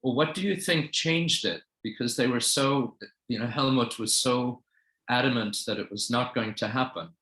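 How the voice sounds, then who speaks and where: A man's voice: medium pitch, moderate pace, bright, forceful tone. A male interviewer asking follow-up questions, recorded farther off the mic in an echoey space. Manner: brief reactions and follow-up questions.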